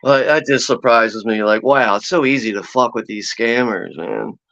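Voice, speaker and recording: A man's voice: mid-range voice, moderate pace, creaky, a bit bright. A man chatting casually and profanely on a livestream, rambling and laughing as he talks. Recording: dull lo-fi sound.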